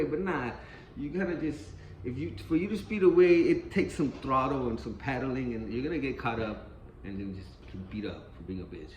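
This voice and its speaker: Expressive and a little fast, a man with a mid-range, darkish voice recounts a street story in a loose, profane, rambling way, frequently going over the same points. The recording has slight background noise, faint ambience and a roomy echo.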